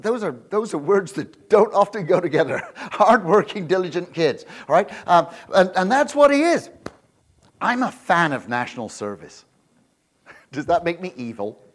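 A male preacher giving an animated, jokey sermon, often laughing and checking in with the crowd with quick rhetorical questions. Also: on the high side, slightly rough. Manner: animated, asks the crowd frequent "right?" questions.

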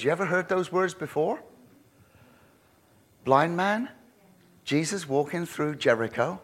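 A man preaching a sermon, animated and emphatic, with frequent restarts. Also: a little high, measured pace, pauses often. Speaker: pastor.

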